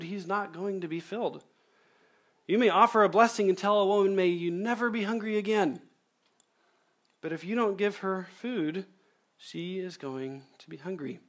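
Guy preaching, fairly high voice, leans hard on key words, repeats them. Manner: emphatic, repeats key phrases. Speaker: pastor. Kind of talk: sermon.

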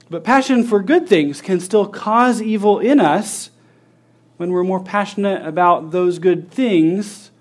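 Guy with a high voice giving a sermon, earnest, asks lots of questions, acts out little scenes. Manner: earnest teaching with rhetorical questions. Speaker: preacher.

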